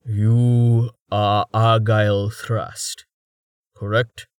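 A big, stern male craftsman from a fantasy audiobook, as a man puts him on, rumbling each word out slowly and deliberately. The voice is a touch lower than the narrator's own, and the recording is dry and close. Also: level tone, clean tone, dry recording. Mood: firm.

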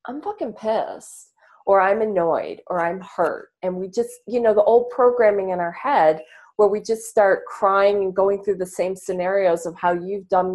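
Earnest low-voiced woman on a call. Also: darkish tone. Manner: earnest, reflective, swears casually. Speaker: podcast guest, coach. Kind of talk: casual interview talk. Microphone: earbuds on a video call.

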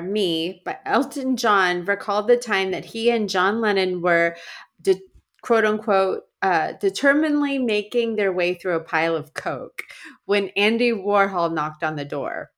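A woman's voice: medium pitch, expressive, measured pace. A woman co-hosting a comedy podcast, her voice set in an ordinary middle register. She chats casually and easily, laughing often and scattering "like" through her sentences. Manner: chatty, laughs often, leans on "like". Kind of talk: casual chat.

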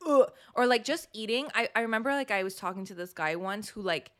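A woman's voice: medium pitch, animated, fast talker, a bit bright. A young woman co-hosting a podcast, chatting casually with a giggly, filler-heavy way of talking. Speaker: podcast co-host. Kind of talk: casual chat.

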